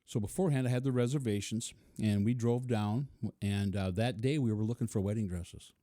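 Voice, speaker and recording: A man's voice: lowish voice, brisk, dark tone, no room sound, studio quality. A middle-aged man telling a personal story in an interview, chuckling often and acting out what people said. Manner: chuckling, vivid, acts out quotes. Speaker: interview guest.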